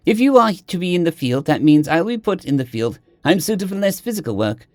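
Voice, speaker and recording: A man's voice: high-pitched, big pitch swings, a little fast, darkish tone, dry recording, studio quality, pitched above the performer's own voice. A man voicing a timid male alien servant who speaks in stiff, formal, clipped sentences. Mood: formal earnest.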